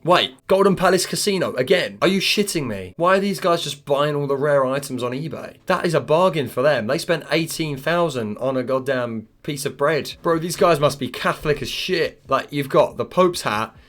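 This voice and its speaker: Guy, young, comedic reaction commentary, animated, swears, mutters asides. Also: fairly high pitch, normal speed, hardly any pauses. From United Kingdom. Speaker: commentary host.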